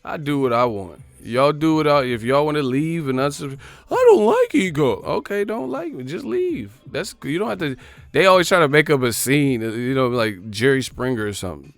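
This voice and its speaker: A man's voice: medium pitch, lively intonation, normal speed, a bit bright, dry recording, soft background music. Profane ranting man in a car. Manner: profane, rambling, mocking. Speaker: boxing channel host. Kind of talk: casual livestream rant. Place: in a car while driving.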